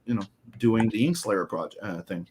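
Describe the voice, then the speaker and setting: A man's voice: on the low side, lively intonation, moderate pace, darkish tone, slight background noise. A man from Canada co-hosting a live stream, talking loosely and swearing freely, with lots of filler phrases. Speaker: streamer co-host. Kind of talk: casual live-stream chat.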